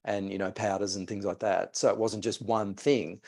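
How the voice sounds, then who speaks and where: A man's voice: lowish voice, flat delivery, normal speed, creaky, darkish tone. A man, a mindset coach telling a client story and guiding a breathing exercise. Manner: storytelling, re-enacts conversations.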